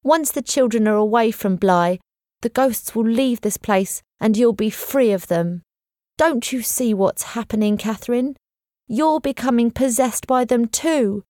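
Woman voicing a housekeeper, anxious, tearful, pleading, slow, dry close recording. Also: a little high, darkish tone, no room sound, pitched above the performer's own voice, lightly acted. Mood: urgent.

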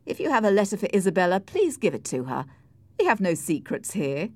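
Woman doing a brooding passionate young man in a storybook, forceful, emphatic, dry close sound. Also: mid-range voice, sing-song, a little fast, dry recording. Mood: intense.

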